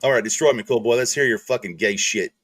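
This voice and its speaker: A man's voice: medium pitch, fast, fairly bright tone, breathy edge, dry recording, clean studio sound. A man hosting a stream, roasting his friend with crude, mocking jabs. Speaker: stream host. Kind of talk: casual stream chat.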